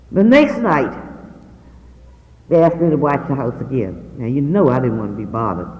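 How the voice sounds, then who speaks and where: A woman's voice: very deep voice, big pitch swings, moderate pace, long pauses, dull audio. A woman giving a personal testimony to an audience, earnest and acting out the people she quotes. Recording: long hall reverb.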